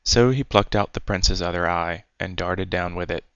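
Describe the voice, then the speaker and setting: A man reading a fairy tale aloud as a storyteller, in a measured, unhurried way. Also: low-pitched, a bit bright, clear, resonant tone, no echo. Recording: dry, dull lo-fi recording.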